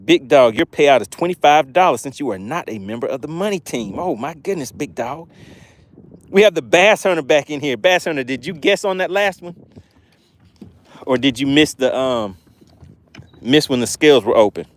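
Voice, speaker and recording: A man hosting a fishing live stream while he fishes. He reads the chat aloud, keeps exclaiming in excitement and keeps plugging channel membership. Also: on the high side, normal speed. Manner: chatty and promotional. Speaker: fishing livestream host.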